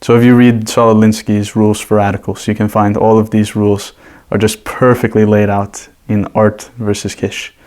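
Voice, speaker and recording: A man's voice: lowish voice, little pitch movement, moderate pace, few pauses, darkish tone. A man as a guest on a podcast, explaining his ideas casually and at length with examples. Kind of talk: casual conversational interview.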